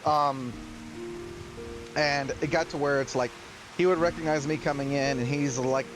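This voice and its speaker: A man's voice: a little high, fairly even intonation, moderate pace, long pauses, over music, low-quality recording. A man chatting casually with friends, telling a story from his past.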